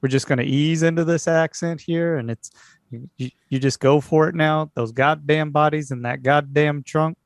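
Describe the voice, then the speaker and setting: A man's voice: fairly high pitch, steady tone, moderate pace, creaky, dry recording, studio quality. A Texan man at a tabletop game, teasingly coaching another player on an accent. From Texas.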